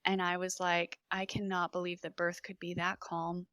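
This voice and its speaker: A woman in her thirties, a podcast guest, telling her birth story in an animated way and acting out what people said. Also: on the low side, moderate pace, dry recording.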